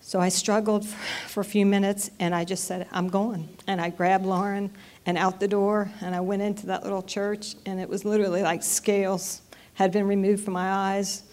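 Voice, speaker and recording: A woman's voice: mid-range voice, little pitch movement, a little mellow. Earnest woman telling her church testimony. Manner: earnest, halting storytelling with restarts. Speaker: church member giving testimony. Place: church sanctuary.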